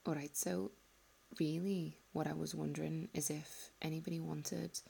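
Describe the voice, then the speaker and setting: Whispery woman with a soft Scouse lilt. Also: deep voice, level tone, moderate pace, vocal fry, husky. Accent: soft Liverpool. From northern England. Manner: half-whispered, chatty, self-deprecating. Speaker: ASMR audio creator. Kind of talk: whispered ASMR ramble.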